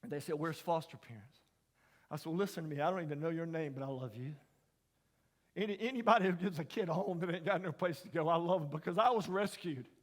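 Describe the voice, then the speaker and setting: In a large chapel hall with long reverb, a middle-aged man delivers a storytelling sermon at a fast clip. His voice is fairly high for a man, and as a folksy, dramatic storyteller he drops to hushed whispers, then rises to ringing near-shouts.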